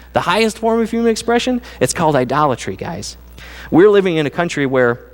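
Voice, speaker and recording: A middle-aged man giving a sermon as pastor, talking conversationally and acting out voices. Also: on the high side. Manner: conversational, animated, acts out quoted voices. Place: church sanctuary. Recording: church sanctuary with long reverb.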